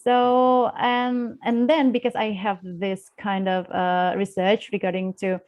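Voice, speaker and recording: Indonesian-accented young woman guest, hesitant and full of fillers, mid-pitched voice. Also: flat delivery, takes it slowly, darkish tone. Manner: hesitant, many fillers and restarts. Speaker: guest speaker on English accents. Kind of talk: live online class discussion.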